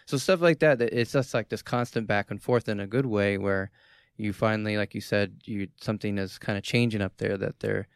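A man from Boston co-hosting a casual podcast, telling stories in an animated way with plenty of fillers. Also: on the low side, a little fast, vocal fry, smooth, no room sound, studio quality. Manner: animated storyteller, many fillers.

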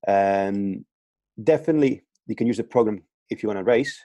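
In a casual podcast interview, the guest, a fitness coach, speaks at a normal speed in a low, mellow voice over a remote call that keeps breaking up. He sounds hesitant, restarting and repeating words a lot, and the recording is dry.

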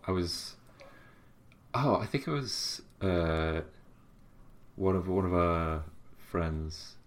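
A man's voice: deep voice, animated, slow. A young man co-hosting a podcast, chatting casually and stumbling and hesitating over his words. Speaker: podcast co-host. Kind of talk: casual chat.

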